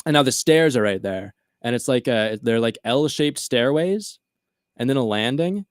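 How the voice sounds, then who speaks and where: A man's voice: mid-range voice, expressive, normal speed, no echo, clean studio sound. A man co-hosting a casual chat, telling a long story and acting out his friends' lines. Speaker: podcast co-host.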